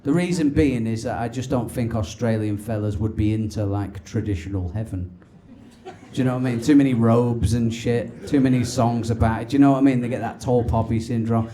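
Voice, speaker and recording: A male stand-up comedian, animated and swearing, on a comedy club stage. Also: mid-range voice, brisk. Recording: live club with crowd laughter.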